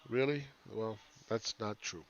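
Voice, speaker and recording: A man's voice: fairly low pitch, a little slow, lo-fi sound, a little hiss or hum. A man giving casual, rambling live chart commentary as a market analyst, often asking "right?".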